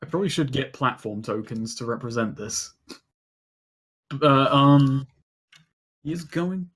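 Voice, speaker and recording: A man's voice: mid-range voice, expressive, unhurried, pauses often, a bit bright, slightly rough. A man narrating a tabletop game as game master, loose and rambling, full of "um" and "like".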